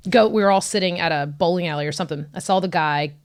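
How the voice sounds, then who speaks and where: A woman's voice: on the low side, fast. Woman telling a profane, rambling story. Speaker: podcast guest. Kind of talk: casual comedic storytelling.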